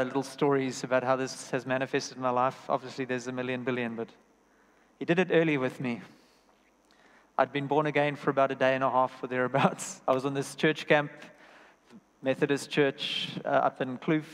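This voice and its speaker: Earnest preacher in a reverberant hall. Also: male voice, medium pitch. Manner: earnest, personal storytelling with repeated phrases. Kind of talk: sermon. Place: church hall.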